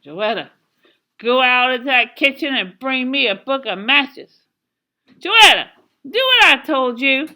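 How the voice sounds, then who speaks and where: A woman voicing a furious, stern mother who gives sharp, clipped orders in a hissing voice. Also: fairly low pitch, takes it slowly, full character voice. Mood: commanding.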